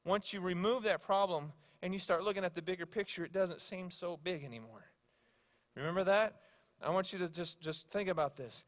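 Animated high-voiced pastor preaching. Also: male voice, a little fast. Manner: animated storytelling, swings between loud and hushed. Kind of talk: sermon. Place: church sanctuary.

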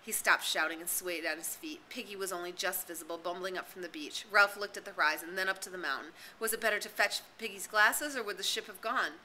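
A woman's voice: on the low side, fast talker, hardly any pauses, pushed and bright, a little hiss or hum, rough recording. A woman narrating a novel as an audiobook, reading expressively and dramatically. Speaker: reader and tutor.

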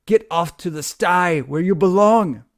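Guy doing a mean sorceress lady yelling, high and loud, storybook style. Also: measured pace. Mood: scornful. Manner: shouting, harsh. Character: fierce enchantress woman, commanding and cruel.

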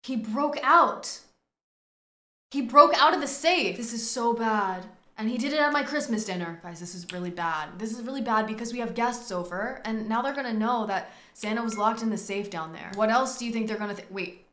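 Woman host, casual gameplay commentary, bright and edgy, dramatic reactions, roomy echo. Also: fairly high pitch, brisk. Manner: excitable, dramatic reactions to the game. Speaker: gaming video host.

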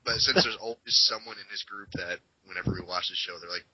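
A man's voice: fairly low pitch, fast talker, few pauses, slight background noise. A man co-hosting a casual wrestling podcast, enthusiastic, swearing freely and acting out quotes, on dull lo-fi audio. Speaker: podcast co-host.

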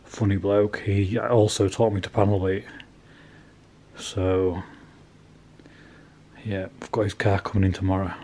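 A man's voice: low-pitched, level tone, a little slow, long pauses, mellow, breathy edge. A man casually narrating his car restoration work in a garage workshop, plain-spoken and chatty with some swearing.

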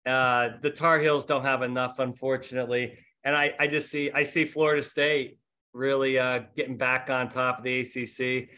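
A man's voice: medium pitch, little pitch movement, normal speed, bright, forceful tone. A middle-aged man hosting a podcast, telling stories in casual, self-mocking chat. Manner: rambling storyteller, self-mocking. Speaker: podcast host.

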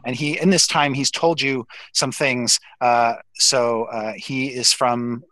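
A man narrating a tabletop game as dungeon master, halting with many fillers. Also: mid-range voice, steady tone, pushed and bright, no echo, low-quality recording.

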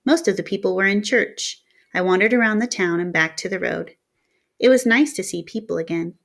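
A woman reading a novel aloud in a steady storytelling manner, narrating in the first person. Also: medium pitch, brisk, creaky. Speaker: reader. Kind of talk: audiobook narration.

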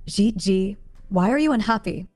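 A calm, gently teasing young man from a storybook romance, patient in tone, as a woman reads his lines in her own mid-pitched voice. Soft music sits faintly behind. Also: moderate pace, close to an everyday voice. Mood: gentle. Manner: plain read-aloud voice, barely changed from narration.

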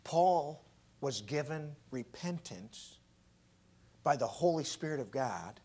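A man preaching a sermon as pastor in a college chapel. He is animated, moving from loud exclamations to hushed whispers. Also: a little high, slow pace, slightly rough.

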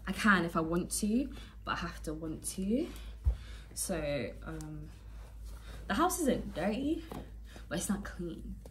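Young woman, slightly low voice, stuffy nose, rambling vlog chat, faint background noise. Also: big pitch swings, slow, pauses often. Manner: rambling and chatty, full of fillers, often says "guys". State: stuffy-nosed from the cold. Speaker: vlogger. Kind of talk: casual chat to camera. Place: home, indoors, small rooms.

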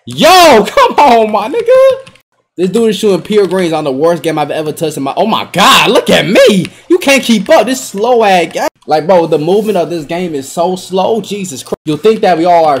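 A young man giving excitable, trash-talking commentary while playing a basketball video game, swinging between low mutters and sudden yelps. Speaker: gaming YouTuber. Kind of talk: live gameplay commentary.

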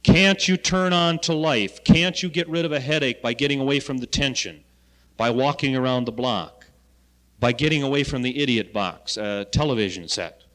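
A man's voice: medium pitch, normal speed, fairly bright tone. A man giving an anecdotal lecture to students as a health education coordinator, asking rhetorical questions and telling folksy stories. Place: lecture hall. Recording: reverberant hall, 1970 archive recording.

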